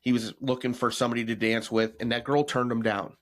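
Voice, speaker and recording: A man co-hosting a podcast in casual chat, talking bluntly with mocking, animated rants. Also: medium pitch, quick pace. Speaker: podcast co-host.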